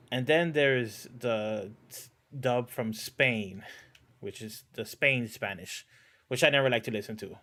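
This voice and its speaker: A man's voice: mid-range voice, a bit bright. A man chatting casually on a podcast, hesitant with lots of ums. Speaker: podcast co-host. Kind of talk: casual chat.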